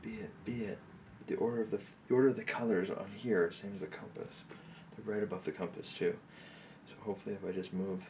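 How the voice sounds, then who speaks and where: A man's voice: fairly low pitch, fairly even intonation, fast talker, background noise. A stressed man muttering and whispering to himself as he works through a puzzle. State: stressed and shaky.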